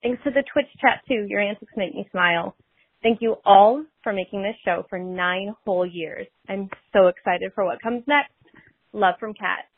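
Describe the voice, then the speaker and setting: A woman reads an earnest thank-you message in a recorded voicemail. Her voice is husky, and the sound is thin and phone-like. The recording is very dry. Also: mid-range voice, normal speed, no echo. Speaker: listener sending a message. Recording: tinny phone-quality voice message.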